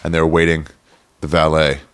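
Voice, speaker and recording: A man in casual chat, telling quick profane anecdotes. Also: a bass voice, flat delivery, a bit bright, smooth, dry recording.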